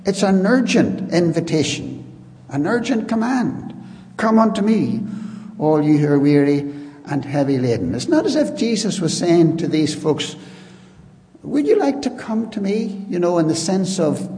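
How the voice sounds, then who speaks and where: A man's voice: a little high, mellow. A man preaching a sermon in earnest, pleading tones, often restarting his phrases. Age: older. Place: church. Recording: reverberant hall with faint noise.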